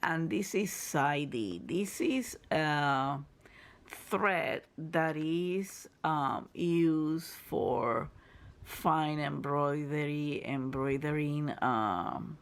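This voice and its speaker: A crafter who runs her own channel gives a casual review and tutorial in a mid-range voice, speaking extremely slowly. She's chatty and explanatory, often restarting phrases mid-sentence as she holds materials up to the camera.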